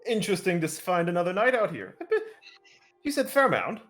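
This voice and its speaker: A man's voice: high voice, sing-song, brisk, fairly bright tone, soft background music, pitched above the performer's own voice. A man voicing a flustered, overly polite male knight who talks in a courtly, fussy, apologetic way. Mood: curious.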